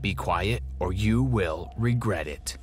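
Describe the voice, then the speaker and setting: A man voicing a menacing adult kidnapper in an animated story, speaking in curt threats. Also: low-pitched, slow, background noise. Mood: threatening.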